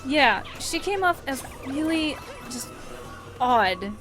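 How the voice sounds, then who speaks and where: Woman, high and bouncy, relaxed let's-play banter over game music. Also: slow pace. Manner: chatty, laughs easily, bursts into shrieks. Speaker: co-commentator. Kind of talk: casual group let's play chat. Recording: gameplay music underneath.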